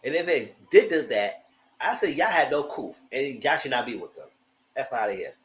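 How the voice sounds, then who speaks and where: A man giving blunt, profane live commentary on reality TV episodes, acting out cast members' lines in high voices. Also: animated, moderate pace, roomy sound, low-quality recording. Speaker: reality TV reviewer. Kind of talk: live casual recap commentary.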